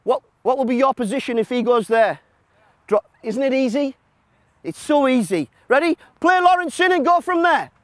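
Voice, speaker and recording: A male football coach with a very high voice runs a session out on the pitch, calling out short, punchy instructions to his players. He talks bluntly and jokes as he goes, and the sound is close and dry with no room around it. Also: lively intonation, normal speed, dry recording. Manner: shouting instructions to players on a pitch, then explaining quietly to an audience; blunt, joking. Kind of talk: coaching session with live demonstration.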